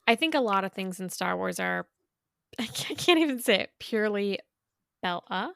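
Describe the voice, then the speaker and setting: A bubbly woman talks as a guest on a casual podcast, giggly and a bit self-conscious. Her voice is smooth and clear, at a middling pitch. The sound is dry and close. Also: expressive, brisk, fairly bright tone, dry recording.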